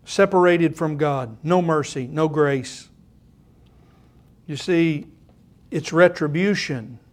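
An older pastor delivers a sermon in a notably high voice. He talks to the congregation casually, then reads scripture with rising emphasis. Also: takes it slowly. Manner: conversational preaching that swells into emphatic scripture reading.

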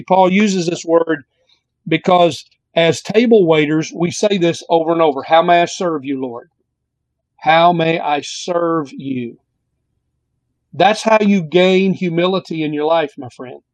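A man's voice: fairly high pitch, no echo, lo-fi sound. Earnest preaching man, dry close sound. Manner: earnest, repetitive preaching cadence with drawn-out emphasis. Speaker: pastor. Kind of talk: sermon.

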